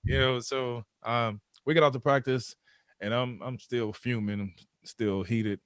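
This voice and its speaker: A man's voice: medium pitch, fairly even intonation, measured pace, smooth, no room sound, clean studio sound. A man, a former football player, telling a story in a casual conversational interview, often repeating words as he builds up the tale. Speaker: podcast guest, former pro football player.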